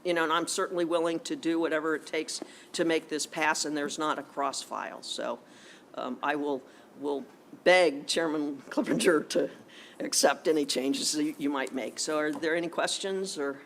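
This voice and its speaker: A man's voice: on the high side, fairly even intonation, moderate pace, gravelly, a bit bright, a little hiss or hum. A man testifying before a legislative committee, out of breath, moving from a read statement into rambling talk full of restarts and fillers. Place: legislative committee hearing room.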